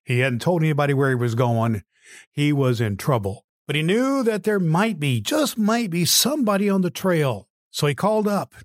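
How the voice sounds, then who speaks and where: A man hosting a podcast, talking earnestly and telling a story in a drawn-out way. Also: a little high, lively intonation, no room sound, studio quality. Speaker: podcast host, doctor. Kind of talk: podcast talk and joke telling.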